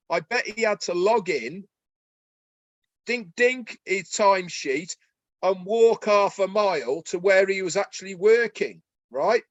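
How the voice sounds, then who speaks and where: A man with a high, bright voice, talking with eager excitement as he co-hosts a webinar. He speaks in a folksy way and keeps asking rhetorical questions. The sound is close and dry, with no room around it. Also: dry recording. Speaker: webinar co-host. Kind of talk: enthusiastic promotional webinar talk.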